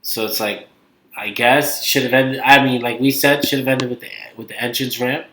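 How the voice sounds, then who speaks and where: A man's voice: mid-range voice, fairly even intonation, moderate pace, fairly bright tone. A man with a Brooklyn accent co-hosting a casual podcast, rambling and hesitant, trailing off often. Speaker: podcast co-host. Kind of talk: casual chat. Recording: echoey room.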